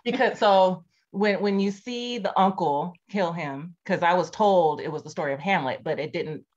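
A woman in a casual movie review chat with a notably low-pitched voice. She talks in a relaxed, questioning way. The sound is a little dull and lo-fi. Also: moderate pace. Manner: relaxed, conversational, asks questions. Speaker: podcast co-host.

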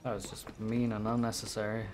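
A man's voice: on the low side, monotone, fairly quick. A man giving casual commentary while playing a video game, swearing often and laughing at his own mistakes. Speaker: gameplay streamer. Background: game music.

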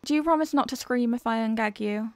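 A woman voicing a shy, nervous, obsessive young woman who has kidnapped someone, stammering and halting in an audio role-play. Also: on the high side, no room sound. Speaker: ASMR role-play performer.

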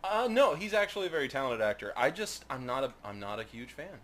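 A man playing a video game with a co-host, casual and exasperated, breaking into loud outbursts. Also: mid-range voice, very animated, fast, a little hiss or hum. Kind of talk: casual gaming banter.

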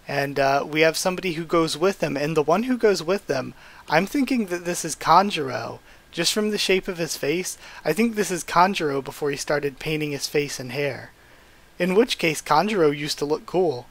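Higher-voiced man in casual fan commentary. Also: moderate pace, fairly bright tone. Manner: rambling, self-correcting, enthusiastic. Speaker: YouTuber reviewing a manga chapter.

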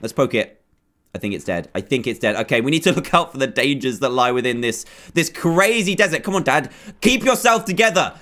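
A young man giving playful, excitable gameplay commentary, often exclaiming as he plays. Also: medium pitch, a little fast. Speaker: gaming video host.

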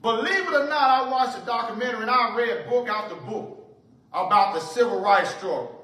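A man leading a Bible study, reading scripture aloud and then commenting on it with slow, emphatic repetitions. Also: very high voice, expressive, fairly bright tone. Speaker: Bible teacher. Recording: echoey room, voice from far off.

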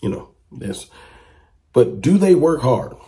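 A man giving casual fan commentary to camera, talking emphatically and asking a stream of rhetorical questions. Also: slow. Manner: rises to excited high-pitched exclamations when reacting to clips.

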